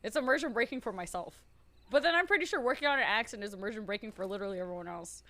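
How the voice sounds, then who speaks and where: A woman's voice: mid-range voice, racing, sharp tone. A woman streamer chatting casually while setting up a role-play character, frank, self-mocking and swearing freely.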